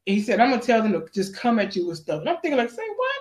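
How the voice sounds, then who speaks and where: An actress being interviewed, telling stories in a lively, animated way and acting out the voices of the people she quotes. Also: rapid-fire. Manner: acts out quotes with big pitch jumps. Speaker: actress guest. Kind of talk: animated storytelling.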